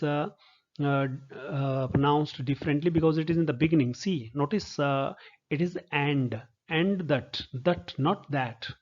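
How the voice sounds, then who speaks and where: A male literature professor teaches in a patient, explanatory way, pausing often on hesitant fillers. His voice sits a little high for a man. The recording sounds dull and lo-fi. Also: a little mellow. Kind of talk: recorded lecture.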